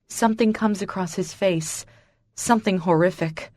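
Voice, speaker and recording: A woman's voice: fairly low pitch, measured pace, dry recording. A woman narrating a romance audiobook in the first person, with intense emotional storytelling.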